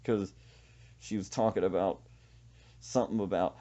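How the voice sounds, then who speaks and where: A man's voice: on the low side, moderate pace, a little mellow, muffled recording. Man telling comic stories. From Central Texas. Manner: storytelling with laughs and quoted voices. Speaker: podcast host. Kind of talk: comic casual chat.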